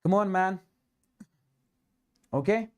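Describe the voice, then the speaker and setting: A man's voice: high voice, slow, clear, resonant tone. Emphatic Indian-accented male physics teacher. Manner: emphatic, keeps asking "understand?" and repeating himself; mixes Hindi words into English. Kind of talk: live online lecture.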